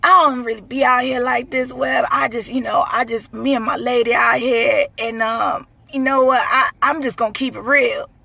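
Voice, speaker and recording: A man's voice: extremely high pitch, fairly even intonation, moderate pace, gravelly, few pauses, sharp tone, no echo, full character voice. A woman acting out a scruffy man who stammers and hesitates as he asks a stranger for help. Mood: hesitant.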